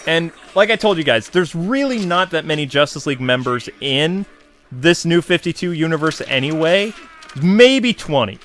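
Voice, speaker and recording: A man talking through a film review in a casual, slangy way. His voice sits a bit high and sounds bright and forceful, and he often turns animated and exasperated. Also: normal speed, soft background music.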